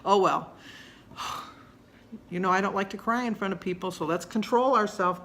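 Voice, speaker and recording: A woman's voice: mid-range voice, fast, fairly bright tone, a little hiss or hum. A woman in her sixties chatting casually to camera at home, rambling and homey in her delivery. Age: 60s. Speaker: vlogger.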